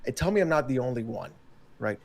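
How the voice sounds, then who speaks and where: A man's voice: medium pitch, very animated, quick pace, creaky, darkish tone. A man speaking as a guest on a podcast, rambling and swearing freely in casual chat.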